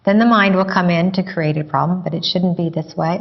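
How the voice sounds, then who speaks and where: A woman meditation teacher answering a student's question in a calm, unhurried, gently explaining way. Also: on the low side. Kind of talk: spiritual teaching dialogue. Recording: dull lo-fi recording.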